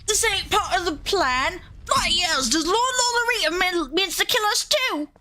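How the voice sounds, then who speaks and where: A woman voicing a panicky British underling from a game, with alarmed, shrill exclamations. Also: animated, normal speed, noisy background.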